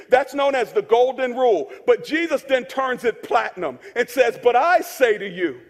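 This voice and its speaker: A male pastor delivers a sermon with a notably high voice for a man, mixing jokes into a chatty style and hammering key phrases through repetition. His words ring out with the long reverb of a large church hall. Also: animated, moderate pace, few pauses. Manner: conversational, joking, repeats key phrases for emphasis.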